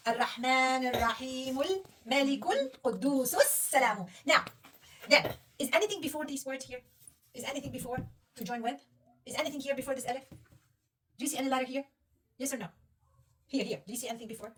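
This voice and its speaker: A woman tutors a beginner, her voice high and bright in pitch. She talks patiently and coaxingly, asking one question after another. The mic sits a bit away from her, with a faint hiss underneath. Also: a little fast, pauses often, distant mic. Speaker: Arabic reading teacher. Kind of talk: one-on-one reading lesson.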